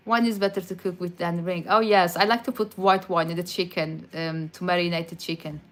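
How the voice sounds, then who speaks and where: A woman's voice: on the low side, fairly even intonation, brisk, a bit bright, soft background music. A woman from Madeira with a Portuguese accent, chatting casually on a stream and answering viewers' questions, with frequent restarts. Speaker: livestream host answering chat. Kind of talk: casual chat.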